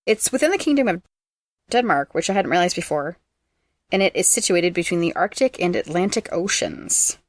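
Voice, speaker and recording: Woman podcast host with a lowish voice, brisk and teasing, reading trivia, recorded dry. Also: animated, dry recording. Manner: brisk and teasing, reads facts aloud, laughs often. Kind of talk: casual trivia chat, reading facts.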